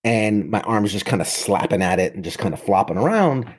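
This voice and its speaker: A man's voice: fairly low pitch, expressive, brisk, slightly rough. A man in his thirties from New York City, a military veteran telling his story in casual talk, full of vivid detail and frequent restarts.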